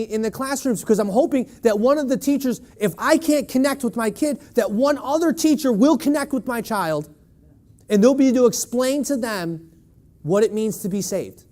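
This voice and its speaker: Man preaching in church, pitched high, emphatic and questioning the congregation. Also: a little fast, dark tone. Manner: emphatic, with rhetorical "right?" questions. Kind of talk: sermon.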